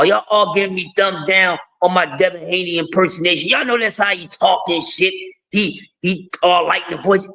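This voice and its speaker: A man hosting a casual livestream in a raspy voice, talking loudly and animatedly with frequent shouting and laughter. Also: high-pitched. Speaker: livestream host.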